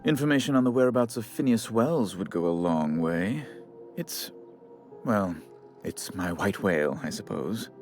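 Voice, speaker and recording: A prissy corporate bureaucrat. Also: male voice, fairly low pitch, expressive, a little slow. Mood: prim. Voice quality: prim, theatrical, mannered delivery. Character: fussy, condescending corporate male bureaucrat. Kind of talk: video game dialogue. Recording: soft game music behind.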